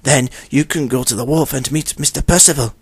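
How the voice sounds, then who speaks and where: A man's voice: mid-range voice, a little fast, gravelly, slightly rough, no echo. Polite, eager engine, read by a man; courteous, dry close read. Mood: earnest. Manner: courteous, careful, repeats instructions back. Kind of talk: fan audio story voice acting.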